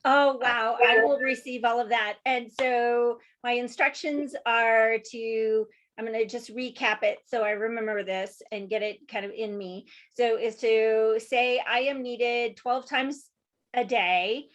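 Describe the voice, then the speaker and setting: A bubbly woman hosts a casual interview to promote an expo, her voice sitting a touch high. She talks with eager enthusiasm and exclaims readily at what her guest says. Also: fairly even intonation, measured pace, a bit bright, highs cut off. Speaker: event host interviewing a vendor.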